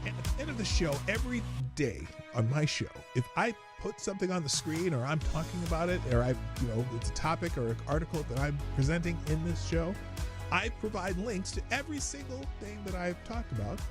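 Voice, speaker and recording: Rambling, animated male livestream host. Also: fairly high pitch, a little fast, music in the background. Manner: rambling, frequent restarts, bursts of shouting. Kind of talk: casual solo livestream talk. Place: small home studio.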